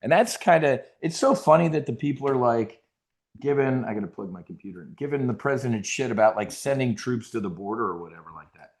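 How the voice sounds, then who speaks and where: A man's voice: mid-range voice, animated, brisk. A middle-aged man hosting a trading show, giving blunt, profane, rambling live market commentary.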